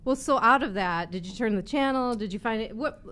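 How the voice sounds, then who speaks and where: A woman's voice: fairly high pitch, brisk, a bit bright. A woman hosting a live talk show, chatting casually and teasing her guest. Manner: chatty and teasing, laughs often. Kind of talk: casual chat.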